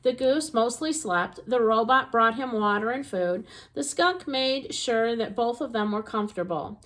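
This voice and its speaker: A woman narrating a children's storybook aloud in an expressive, gentle reading voice. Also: a little high, unhurried.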